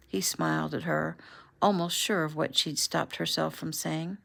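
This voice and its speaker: A woman reads her own novel aloud at home in a casual, conversational manner. Her voice sits low with a gravelly, creaky texture. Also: measured pace. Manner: relaxed, conversational. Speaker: author reading her own book. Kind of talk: casual audiobook reading.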